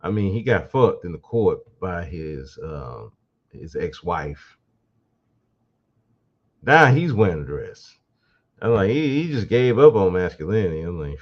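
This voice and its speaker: Male podcast host, low voice with lively swings, sarcastic solo commentary, dull lo-fi sound. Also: measured pace, pauses often. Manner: mocking, sarcastic, laughing asides. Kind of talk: casual commentary monologue.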